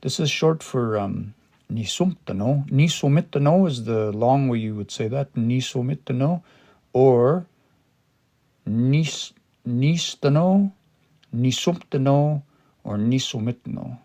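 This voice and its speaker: A man with a gravelly, mid-pitched voice talks through a casual language lesson. He thinks aloud, restarts his phrases and sounds words out one syllable at a time. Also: slow, mellow. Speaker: Cree language teacher.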